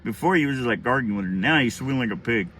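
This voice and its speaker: Animated middle-aged man telling a story. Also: mid-range voice, racing, a little hiss or hum. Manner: rambling, animated, profane. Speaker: storyteller vlogger. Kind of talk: casual storytelling.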